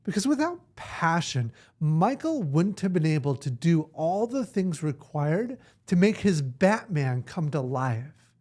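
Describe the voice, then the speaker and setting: A host reflecting on lessons from a guest's story in a slow, thoughtful narration. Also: mid-range voice, big pitch swings, darkish tone.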